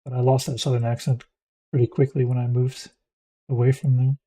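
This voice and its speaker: Mellow rambling American man gaming. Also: mid-range voice, flat delivery, a little fast, slightly rough, poor audio. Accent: Florida, mild Midwestern. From United States. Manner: rambling, musing aloud. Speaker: gaming streamer. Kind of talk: casual game commentary.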